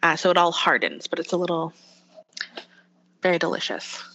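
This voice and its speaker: A woman's voice: fairly low pitch, moderate pace, a bit bright, lo-fi sound. A woman with a West Coast Canadian accent, an actor chatting as a podcast guest, upbeat and full of fillers. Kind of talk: casual podcast interview.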